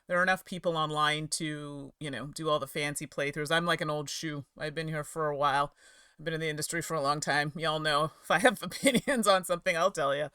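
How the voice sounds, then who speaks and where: A middle-aged woman talks casually to her livestream chat from home, rambling from one aside to the next and laughing often. Her voice is bright and forward, and it sounds dry and close to the mic. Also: low-pitched, brisk, smooth, dry recording. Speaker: streamer and game reviewer. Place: home office.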